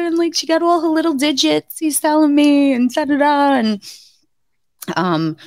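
Speaking a little slowly, a thirty-something woman co-hosting a podcast recounts a birth story over casual conversation. The recording is dry and studio quality, and she performs quoted lines with a sudden leap into a high pitch, storytelling with plenty of animation.

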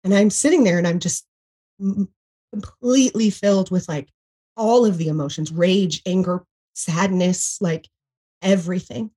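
A woman's voice: on the low side, moderate pace, low-quality recording. A woman in her thirties, a podcast guest, tells an emotional story with lots of fillers and acted-out quotes. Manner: animated, acts out quotes, many fillers. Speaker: podcast guest, former MLM seller.

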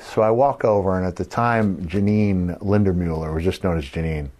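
A man's voice: low-pitched, steady tone, normal speed, hardly any pauses, a little mellow. A middle-aged man on a podcast, telling long rambling stories with many fillers and acting out the people he quotes. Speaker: podcast co-host, former wrestler. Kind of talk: casual storytelling chat.

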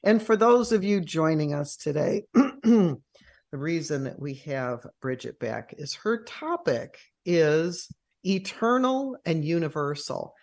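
Co-host talking slow and careful, easy interview chat. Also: medium pitch, animated, darkish tone. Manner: measured, deliberate. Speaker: radio co-host.

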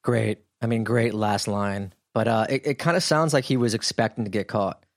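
A man's voice: lowish voice, moderate pace. A man co-hosting a podcast, chiming in with wry, sarcastic quips in casual chat. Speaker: podcast co-host.

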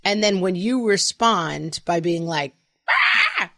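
A woman's voice: fairly low pitch, measured pace, no room sound, raised voice, clean studio sound. A mother co-hosting a chat show, talking animatedly and acting out her kids' lines. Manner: animated, acts out quotes of her kids. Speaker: podcast co-host, parent. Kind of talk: casual chat.

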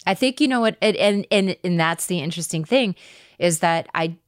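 A woman's voice: lowish voice, lively intonation, moderate pace, no echo, studio quality. A woman from Wisconsin, an actress guest telling her stories animatedly and swearing freely in casual interview chat. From Wisconsin, USA.

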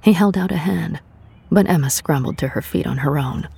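A narrator reading a scripted audio drama in a steady storytelling voice, giving every character a voice. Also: mid-range voice, normal speed, gravelly, slight background noise.

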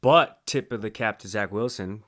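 Jokey low-voiced man co-hosting sports talk. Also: moderate pace, a bit bright. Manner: jokey, laid-back banter. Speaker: sports show co-host. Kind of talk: casual sports chat.

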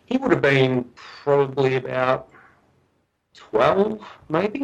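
A man's voice: medium pitch, expressive, slow, creaky, highs cut off. Give me a man as a podcast guest, earnest, repeating himself as he tells a story. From Australia. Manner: earnest, restarts often, repeats words. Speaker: guest researcher.

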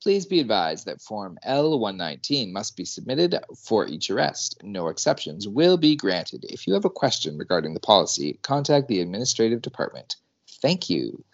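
A man's voice: on the low side, moderate pace, creaky, muffled recording, full character voice. A man voicing a formal bureaucratic announcer reading an official notice. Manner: flat, official.

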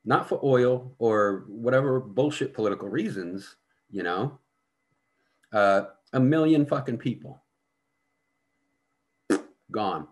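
A man's voice: mid-range voice, animated, takes it slowly, long pauses. A man telling a war story in casual talk, blunt and full of profanity. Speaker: guest.

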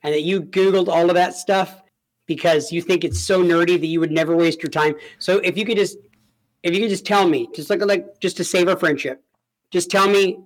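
A man with a fairly high voice bantering on a gaming podcast, playful and teasing. He is heard through a remote call connection. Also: fairly even intonation, a little fast. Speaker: podcast co-host. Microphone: remote call mic.

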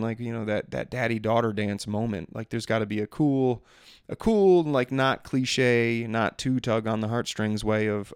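Male podcast host, thirties, low and smooth, chatty and meandering, dry close recording. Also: no room sound. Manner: rambling, filler-heavy, restarts sentences often. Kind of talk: casual personal storytelling.

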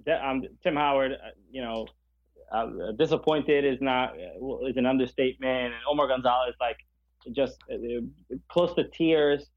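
A man co-hosting a podcast in casual chat, passionate and halting, often searching for his words. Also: mid-range voice, muffled recording. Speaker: podcast co-host.

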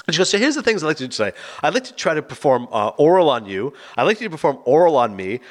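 A man's voice: fairly high pitch, racing. A man casually retelling a film's plot, acting out the characters' lines. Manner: animated, acts out both characters' lines. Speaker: film reviewer.

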